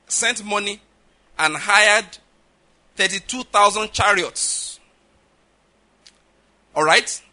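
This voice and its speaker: A man's voice: high voice, bright, forceful tone. A man preaching a sermon, emphatic and constantly checking in with his listeners. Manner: emphatic, keeps checking in with the congregation. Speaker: pastor.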